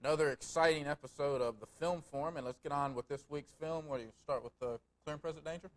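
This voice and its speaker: A man co-hosting a live local TV film review show, joking casually and laughing often. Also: a little high. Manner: quick, jokey, laughs often.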